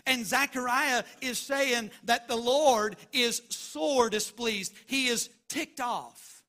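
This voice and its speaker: A man's voice: extremely high pitch, slow pace, bright, forceful tone. A man preaching a sermon as pastor, emphatic and driving points home by repeating phrases.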